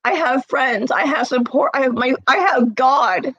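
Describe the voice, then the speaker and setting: A woman's voice: high voice, unhurried, fairly bright tone, breathy edge, dry recording, muffled recording. A woman crying as she talks to camera, confronting someone with repeated pointed questions in an emotional rant. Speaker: vlogger.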